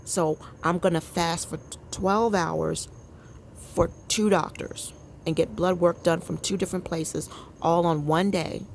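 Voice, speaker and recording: Woman, 50s, vlogger; low, gravelly voice; candid, rambling, confiding talk; faint crickets behind. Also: steady tone, unhurried, a little hiss or hum. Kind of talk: casual personal chat to viewers. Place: outdoor deck.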